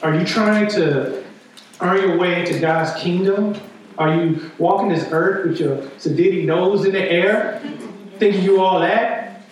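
High-voiced preacher in an echoey hall. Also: male voice, unhurried. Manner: conversational preaching, frequent "right?" asides. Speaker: pastor. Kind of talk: sermon. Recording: echoey hall, distant mic.

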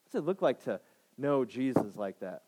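A man's voice: mid-range voice, sing-song, moderate pace, warm tone. A man in his thirties preaching a sermon to a congregation, emphatic, repeating phrases and checking in with "right?". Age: 30s. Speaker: pastor.

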